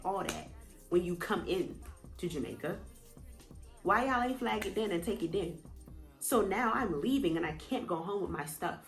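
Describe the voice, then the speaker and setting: A young woman telling a vacation story in a casual, animated way, jumping up in pitch when she quotes people. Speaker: vlogger. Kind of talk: storytime vlog.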